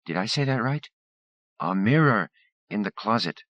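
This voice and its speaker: A man voicing a soft-spoken young Vietnamese immigrant girl who speaks slow, broken English in an airy voice. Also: on the low side, expressive, no echo, highs cut off, pitched above the performer's own voice, close to an everyday voice. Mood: puzzled, earnest.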